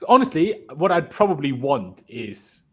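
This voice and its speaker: A man's voice: a little high, sing-song, unhurried, slightly rough. Opinionated man hosting a football stream. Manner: opinionated, talks through his reasoning aloud. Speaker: host. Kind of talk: casual football chat on a live stream.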